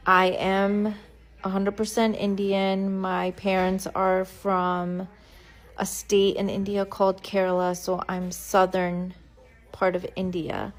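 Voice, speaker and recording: A woman speaks calmly and earnestly, asking her viewers a question. Her delivery is flat in pitch and unhurried. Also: poor audio.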